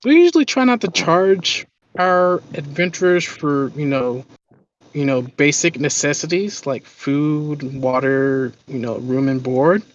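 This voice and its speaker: A man's voice: a little high, unhurried. A man narrating as game master, rambling with lots of filler words. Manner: rambling, full of "you know" fillers. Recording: dull lo-fi audio.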